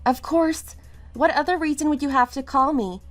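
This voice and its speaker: A woman's voice: high voice, moderate pace, soft background music. A woman reading a scripted text story in a weary, pleading way.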